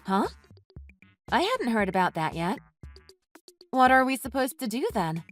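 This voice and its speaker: Brief: woman reading as a patient young mom, earnest and polite, higher voice with lively pitch. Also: unhurried, soft background music. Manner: earnest, conciliatory. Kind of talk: texting story voice-over.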